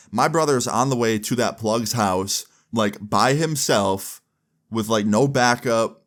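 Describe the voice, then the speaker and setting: A man's voice: fairly low pitch, fairly bright tone. Laid-back young man telling a story. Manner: laid-back storytelling full of "like" fillers, acting out quoted dialogue. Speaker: storytime vlogger. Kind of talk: casual storytime narration.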